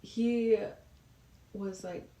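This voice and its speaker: A woman's voice: mid-range voice, fairly even intonation, very slow, dark tone. A woman in her twenties, a podcast guest, telling a personal story in a casual, chatty way with a lot of "like" fillers. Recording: roomy echo, distant from the mic.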